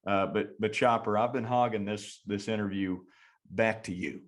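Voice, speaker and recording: A man's voice: fairly low pitch, steady tone. A man hosting a podcast interview, enthusiastic and stop-start, with plenty of fillers. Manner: enthusiastic, with halting restarts and fillers. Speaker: podcast host.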